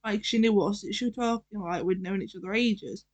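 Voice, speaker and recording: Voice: mid-range voice, moderate pace, no room sound. Chatty co-host chiming in. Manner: chatty, chimes in and corrects details. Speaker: podcast co-host. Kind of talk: casual storytelling chat.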